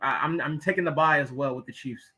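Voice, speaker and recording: A man's voice: fairly high pitch, quick pace, bright, forceful tone, breathy edge, low-quality recording. A man co-hosting a sports podcast in casual chat, laid-back and self-deprecating. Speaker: podcast co-host.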